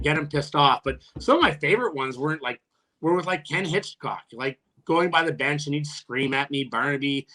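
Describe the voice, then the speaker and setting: A retired hockey player guesting on a podcast tells rowdy, profane stories with a bright voice, laughing and restarting often. When quoting his own taunts, his pitch jumps much higher.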